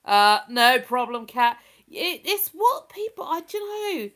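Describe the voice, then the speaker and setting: A woman's voice: high voice, very animated, slow pace, fairly bright tone. A woman chatting casually on a live stream, rambling and laughing as she reads out messages from her viewers. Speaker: live streamer reading chat.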